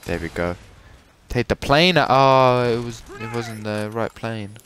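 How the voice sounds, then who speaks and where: A man's voice: medium pitch, a little slow, fairly bright tone, a little hiss or hum. A young man giving sarcastic, profane commentary while playing a shooter game. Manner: sarcastic, swearing, frustrated. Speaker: gameplay commentator. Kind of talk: casual profane gameplay commentary.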